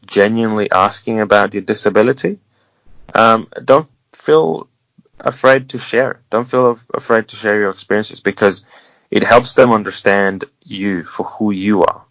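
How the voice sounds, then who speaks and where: A man's voice: on the low side, moderate pace, a bit bright, no echo. Earnest man giving advice on a podcast. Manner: earnest and encouraging, with wry humor and restarts. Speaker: interview guest. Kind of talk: candid interview talk, giving advice. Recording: dull lo-fi sound, dry.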